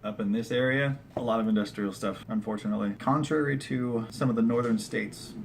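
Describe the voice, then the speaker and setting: A man's voice: mid-range voice, a little fast, gravelly, a little hiss or hum. A young man from Texas talking casually to camera in a vlog, rambling through his opinions with jokey asides and correcting himself as he goes. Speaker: vlogger.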